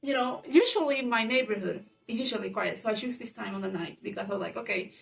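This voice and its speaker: Woman, casual vlog talk, gravelly edge, a bit far from the mic, rambling, at home at night. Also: fairly high pitch, fast talker. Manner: rambling, full of fillers.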